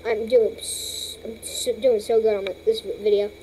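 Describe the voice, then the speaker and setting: A woman's voice: mid-range voice, flat delivery, a little slow, warm tone, a little hiss or hum, poor audio. A woman hosting a casual toy vlog, rambling dramatically and breaking into shrieks. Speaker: channel host.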